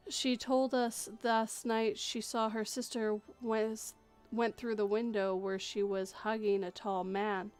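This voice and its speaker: A woman reading the lines of a male police sergeant who gives a measured, matter-of-fact report. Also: mid-range voice, flat delivery, a little mellow, clear, resonant tone, faint music behind, natural voice. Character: stern male police sergeant giving a statement.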